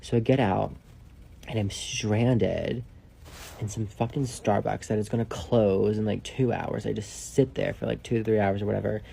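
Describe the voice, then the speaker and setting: A man telling a casual storytime, rambling and swearing, leaning on "like" and dropping into hushed asides. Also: on the low side, fairly even intonation, moderate pace, gravelly, slight background noise. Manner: rambling, profane, heavy use of "like"; drops to a hushed whisper for asides.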